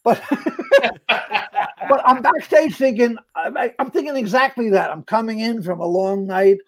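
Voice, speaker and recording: Stammering, animated man telling stories. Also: very high-pitched, measured pace. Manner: animated, acts out quoted voices, stammering restarts. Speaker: comedian and actor guest. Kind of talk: casual storytelling chat.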